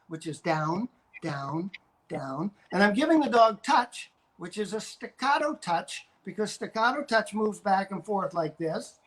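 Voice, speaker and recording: A man's voice: high-pitched, a bit bright. An older man from Canada, a dog trainer, coaching viewers on a live stream and going over his points again and again with demonstrations.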